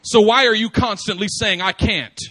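A man preaching a sermon, swinging from quiet asides to loud, insistent emphasis and repeating phrases to drive them home. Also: high-pitched, moderate pace. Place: church service.

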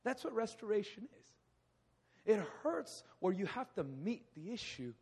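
A man in his thirties preaching a sermon in a hall, animated, often acting out quoted voices. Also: high voice, a little slow, creaky, slightly rough. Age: 30s. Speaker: pastor. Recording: echoey hall.

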